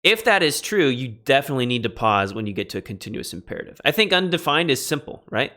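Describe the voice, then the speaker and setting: A man's voice: medium pitch, very animated, quick pace, bright, forceful tone. A man teaching a biblical Greek class in a casual lecture, thinking aloud and correcting himself as he stresses key phrases.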